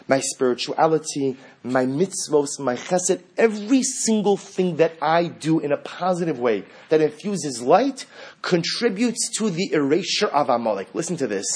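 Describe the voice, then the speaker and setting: Male rabbi, sermon delivery, slightly high and husky voice, explains religious sources and climbs loud and high when acting out quotes. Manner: reads Hebrew sources, then explains them in English; rises sharply in pitch and volume when acting out quotes. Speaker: rabbi teaching Torah.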